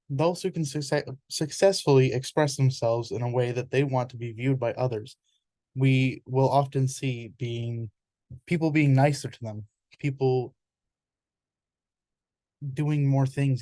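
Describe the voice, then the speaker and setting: Mellow-voiced man giving a talk. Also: mid-range voice, no echo. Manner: earnest, conversational, often restarts mid-word. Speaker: presenter. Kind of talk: informal explanatory presentation.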